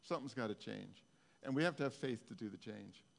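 A male pastor giving a conversational sermon, his intensity swinging from soft to loud. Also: on the low side, a little fast, creaky, in a large hall. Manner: conversational preaching, rising and falling in intensity.

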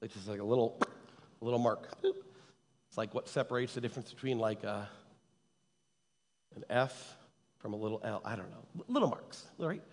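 A man's voice: on the low side, moderate pace, long pauses. A man preaching a conversational sermon to a live audience, chatty and teasing, always checking in with his listeners. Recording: long hall reverb.

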